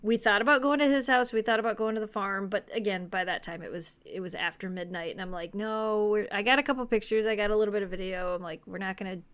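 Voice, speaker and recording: A woman's voice: mid-range voice, quick pace, hardly any pauses, fairly bright tone, smooth. A woman co-hosting a podcast, telling long casual stories in a rambling, chatty way. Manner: rambling anecdotal storytelling. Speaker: podcast co-host. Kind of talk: casual chat.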